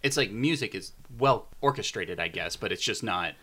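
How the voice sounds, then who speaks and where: A man's voice: on the low side, animated, moderate pace, pushed and bright. A man co-hosting a podcast in casual chat, easygoing and agreeable. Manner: easygoing, agreeable, brief backchannels. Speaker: podcast co-host.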